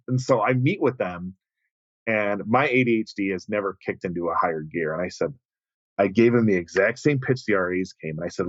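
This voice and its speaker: A man telling a lively story as a guest on an interview podcast, acting out the voices of the people in it. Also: a little fast, no room sound, lo-fi sound. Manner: animated, acts out quoted voices with big pitch jumps.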